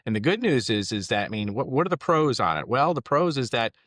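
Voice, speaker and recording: A man who works as a mortgage lender, talking casually on a podcast with quick, filler-laden speech. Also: medium pitch, lively intonation, a bit bright, dry recording, clean studio sound. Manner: quick, conversational, frequent fillers.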